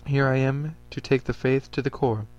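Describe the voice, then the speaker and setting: A man's voice: mid-range voice, fairly even intonation, normal speed, a little mellow, dull audio, soft background music, close to an everyday voice. A man voicing an earnest male preacher, a former soldier, who speaks in formal, stiff phrases.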